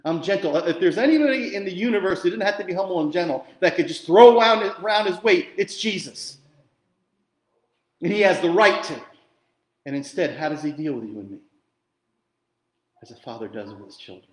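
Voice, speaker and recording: A man preaching from the pulpit, his voice slightly high and carried through an echoey room. He is animated and conversational, dropping into jokey asides and swinging between hushed and emphatic delivery. He comes from New Jersey. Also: a little fast, long pauses. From New Jersey, USA. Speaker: pastor. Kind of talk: sermon.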